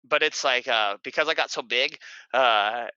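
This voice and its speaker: Man, podcast guest, casual rambling talk, bright tone, dry close sound. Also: normal speed, smooth, no room sound, dull audio. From Oregon, USA. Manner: rambling, many fillers and restarts; bursts into shrill shouted imitations. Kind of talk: casual storytelling.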